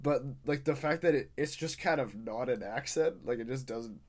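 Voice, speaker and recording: A man co-hosting a film podcast in casual chat, talking in a loose, agreeable way. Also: medium pitch. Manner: chatty, quick to agree and laugh. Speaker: podcast co-host.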